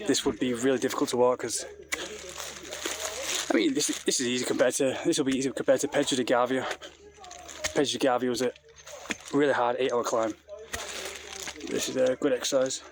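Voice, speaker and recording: A man talking into a handheld phone while hiking an outdoor trail, rambling and out of breath. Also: medium pitch. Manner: rambling, blunt, talking while walking uphill. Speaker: vlogger. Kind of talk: casual vlog while hiking. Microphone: phone held in hand. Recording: noisy outdoor phone recording.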